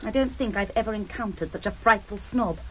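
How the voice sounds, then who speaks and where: A woman's voice: mid-range voice, brisk, fairly bright tone, dull audio, slight background noise, lightly acted. An actress in a radio drama playing a confident, theatrical English lady novelist turned detective. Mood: indignant.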